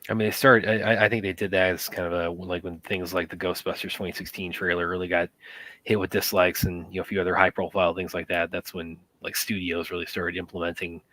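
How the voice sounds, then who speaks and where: Deep-voiced, halting male co-host. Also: little pitch movement, pushed and bright. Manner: halting, repeats words. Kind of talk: casual stream chat.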